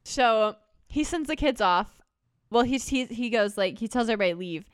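A woman's voice: on the high side, lively intonation, moderate pace, clear, resonant tone, no room sound, clean studio sound. A young woman co-hosting a podcast, chatting casually and swearing freely as she recaps a musical and acts out quoted lines. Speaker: podcast co-host.

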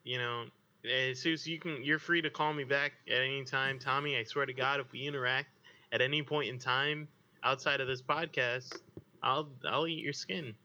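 A man joking crudely and deadpan in casual podcast chat. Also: mid-range voice, normal speed, dull audio.

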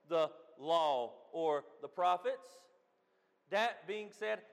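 A man preaching a sermon as a pastor, swinging from loud emphatic lines to quiet asides. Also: fairly high pitch, animated, normal speed. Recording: long reverb of a hall.

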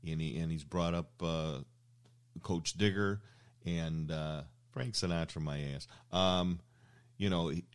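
A man's voice: deep voice, fairly even intonation, unhurried, smooth. An older man hosting a casual interview, telling rambling anecdotes with plenty of fillers and restarts. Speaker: show host.

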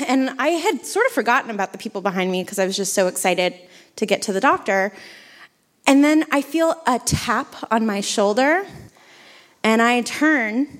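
Lively woman telling a funny story on stage. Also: on the high side. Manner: animated, self-mocking, lots of fillers. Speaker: podcast co-host. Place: theater stage before a live audience.

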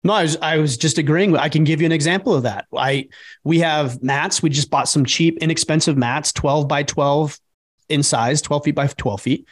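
Emphatic man, slightly high voice. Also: moderate pace. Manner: emphatic, animated when quoting others. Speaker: podcast co-host. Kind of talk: casual podcast chat.

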